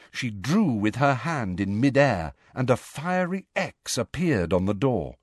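A man reading a novel aloud as an audiobook narrator, in a measured storytelling manner. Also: medium pitch, dry recording, clean studio sound. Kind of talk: scripted narration.

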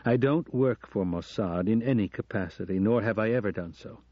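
A man's voice: on the low side, moderate pace, no room sound, close to an everyday voice. Man reading as an earnest confessing professor. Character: middle-aged American professor confessing, earnest. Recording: dull lo-fi audio.

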